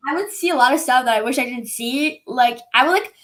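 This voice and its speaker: A woman's voice: high voice, brisk. A teenage girl telling stories in a casual interview, laughing often and acting out what people said. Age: teens. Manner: giggly, animated, acts out quoted dialogue. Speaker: guest.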